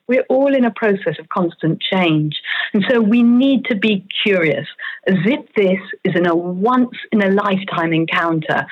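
A woman's voice: mid-range voice, husky. A woman, an author and coach, explaining her ideas step by step in an earnest interview. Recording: dull lo-fi audio.

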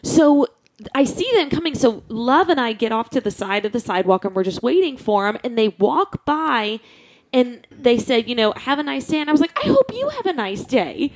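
A woman telling a story in casual chat, expressive, with gasps and exclamations. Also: a little high, normal speed.

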